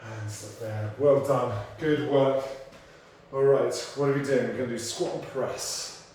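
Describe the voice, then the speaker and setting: A man coaching an online workout class, counting down intervals and cueing form while out of breath, in an energetic, encouraging way. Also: medium pitch, unhurried, far from the mic. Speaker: fitness instructor. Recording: very echoey room, off-mic, faint noise.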